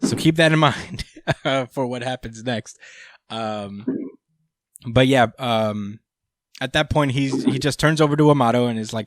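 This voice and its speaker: A man's voice: medium pitch, a little slow, no echo, studio quality. A young man hosting a podcast, recapping a chapter in rambling casual chat with many fillers and casual swearing. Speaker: podcast host.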